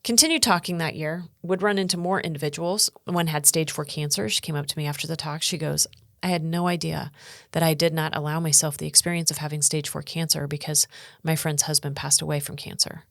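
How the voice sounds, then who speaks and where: A middle-aged woman with a lowish voice recounts her experiences in an earnest, animated way, slipping into the voices of people she quotes. The sound is close and dry, with no room around it. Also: fairly quick, vocal fry, dry recording. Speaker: guest speaker and coach. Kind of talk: podcast interview storytelling.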